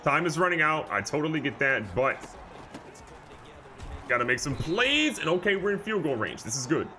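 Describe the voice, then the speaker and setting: A man giving excitable, jokey live commentary over a football video game, moving from calm play calling to loud outbursts. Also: on the high side, moderate pace, a little hiss or hum. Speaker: gaming YouTuber.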